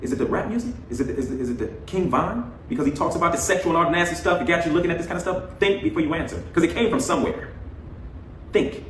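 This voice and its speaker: A man scolding with exasperated intensity, his high voice leaping up and down. The recording sounds echoey and roomy, with faint hiss behind him. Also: expressive, fast, a bit bright, recorded from a distance. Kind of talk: angry lecture.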